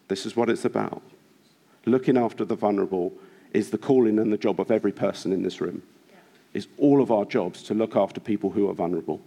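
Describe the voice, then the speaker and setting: A man's voice: lowish voice, warm tone. A man preaching a sermon in church, earnest and exhorting, with many rhetorical questions. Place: church hall.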